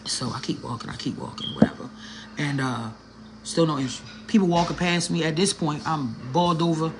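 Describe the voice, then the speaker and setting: A woman's voice: low-pitched, fairly quick, background noise. A woman telling a personal story in a casual, slangy vlog, talking straight to her viewers with an earnest, emotional edge. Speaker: vlogger.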